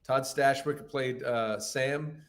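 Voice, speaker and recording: Man for a casual live show guest spot: mid-pitched, animated, a storyteller who acts out what people said. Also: slight background noise. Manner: animated storyteller, quick asides and quoted voices. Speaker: guest voice actor. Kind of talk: casual podcast chat.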